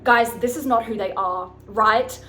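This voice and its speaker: A woman's voice: a little high, unhurried, sharp tone, slight background noise. A woman life coach giving casual, frank advice to her viewers, swearing freely and often checking in with them. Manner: frank and chatty, swears casually, keeps checking in with "okay, guys?".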